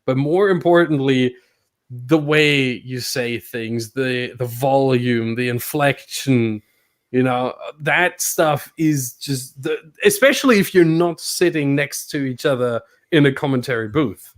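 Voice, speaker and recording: A man's voice: mid-range voice, unhurried. A man hosting a casual podcast, talking about commentary in a playful, teasing way and laughing often. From not British. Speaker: podcast host and sim racing commentator.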